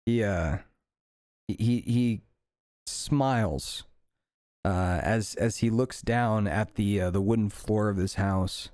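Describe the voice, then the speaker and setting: Slow, halting man narrating a game. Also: lowish voice, a little mellow, clean tone, dry recording, clean studio sound. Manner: halting narration with many fillers. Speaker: game master.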